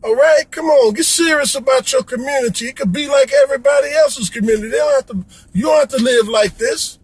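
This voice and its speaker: A man's voice: extremely high pitch, very animated, quick pace, no echo, poor audio. A middle-aged man from Chicago, delivering an impassioned, pleading rant as a vlogger and repeating "come on, man.". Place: Florida.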